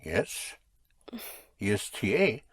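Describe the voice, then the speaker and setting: Slow, patient male language teacher. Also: lowish voice, sing-song, slightly rough, no room sound, studio quality. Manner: patient, drills and corrects students. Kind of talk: spoken language lesson.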